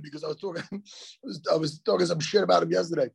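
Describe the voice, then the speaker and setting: A man co-hosting a chat show from a hotel room, telling stories in an animated way and swearing freely. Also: high-pitched, quick pace, creaky, breathy edge. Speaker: podcast co-host. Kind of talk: casual chat.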